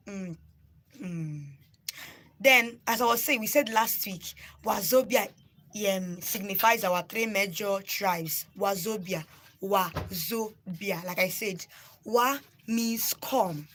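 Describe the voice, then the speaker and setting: In a low-quality recording with slight background noise, a young Nigerian woman, a native Igbo speaker, teaches casually over a phone live stream. Her mid-range voice is a bit bright as she repeats and spells each word and tells viewers to write them down.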